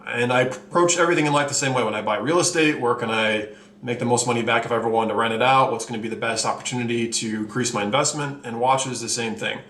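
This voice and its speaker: A man's voice: medium pitch, steady tone, fast talker, fairly bright tone. A man hosting his own watch channel, talking candidly to camera with lots of fillers and running a little out of breath. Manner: candid, blunt, rambling with fillers. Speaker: channel host reviewing watches. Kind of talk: casual vlog talk to camera. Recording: echoey room, faint ambience.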